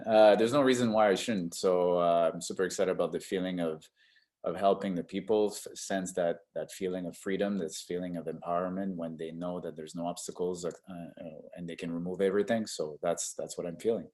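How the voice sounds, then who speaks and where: A man on a coaching video call, searching for words and clearing his throat. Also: sits low, steady tone, brisk, darkish tone.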